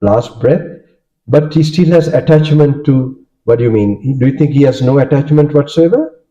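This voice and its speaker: On a dull, lo-fi recording, a Sinhala-speaking Sri Lankan monk teaches the dharma at a moderate pace in a very dark, mid-range male voice. He questions his listeners and often adds "okay?" or "right?" to confirm they understand.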